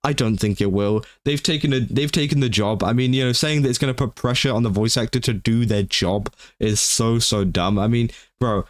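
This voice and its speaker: A man's voice: mid-range voice, steady tone, brisk, few pauses, no room sound, studio quality. A man giving casual gaming-news commentary, rambling with lots of fillers and exasperated outbursts.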